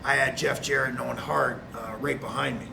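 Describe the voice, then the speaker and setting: A middle-aged man from Canada, a retired wrestler telling an animated anecdote as a guest on a video call. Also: mid-range voice, brisk, gravelly, noisy background. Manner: animated, acts out quotes. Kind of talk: anecdote storytelling.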